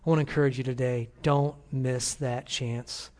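Preaching a sermon in a church, a male senior pastor speaks in a steady, mid-range voice with a darkish tone at a moderate pace. He relates stories earnestly and presses his listeners with emphatic appeals.

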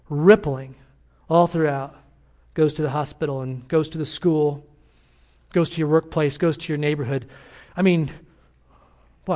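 In a slightly high voice with a darkish tone, a senior pastor preaches to a church congregation. He earnestly tells stories and emphatically exhorts his listeners.

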